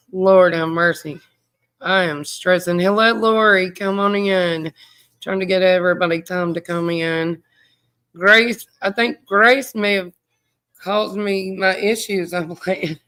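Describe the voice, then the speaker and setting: A woman hosts a casual true crime livestream and talks slowly and easily, taking her time. Her voice is smooth and clear. She sounds tired and rambles as she chats with viewers and greets them by name. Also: fairly low pitch, fairly bright tone.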